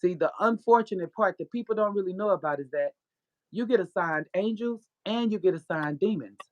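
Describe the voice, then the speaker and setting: With an animated, mid-range voice and a brisk pace, a woman guest author candidly tells her story, bluntly and profanely, mixing in spiritual preaching and laughing often. The recording sounds muffled.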